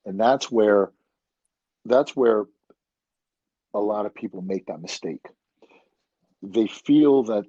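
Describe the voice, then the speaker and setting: Husky low-voiced guy chatting blunt and fired up, kinda dull lo-fi audio. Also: no echo. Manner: blunt, animated storyteller. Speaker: podcast guest. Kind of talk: casual chat.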